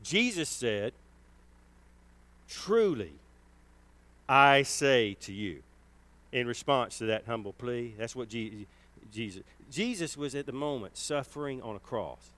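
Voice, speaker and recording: Emphatic preacher, lively rising voice. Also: male voice, mid-range voice. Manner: emphatic, swells and slows on key words. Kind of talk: sermon.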